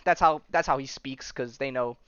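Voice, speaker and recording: A man's voice: mid-range voice, moderate pace, a bit bright, clean tone, dry recording, muffled recording. A man from Florida hosting a podcast, recapping a comic in a rambling casual way full of fillers and checks like "right?". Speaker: podcast host.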